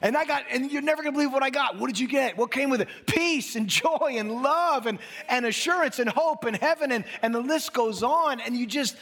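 A male pastor preaching a sermon in an animated way, acting out little dialogues and laughing as he talks. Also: very high-pitched, brisk, hardly any pauses.

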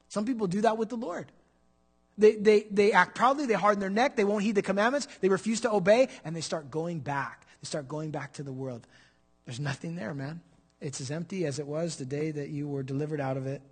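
A man's voice: fairly high pitch, a little fast. A middle-aged man preaching a sermon as pastor, explaining scripture and building to emphatic peaks.

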